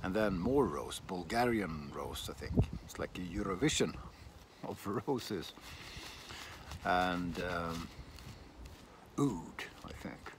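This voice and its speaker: Man, slow rambling chat, lively pitch, outdoors, faint wind behind. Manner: rambling, self-deprecating, many restarts. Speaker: shaving vlogger. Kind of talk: casual outdoor vlog chat. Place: outdoors in a windy garden.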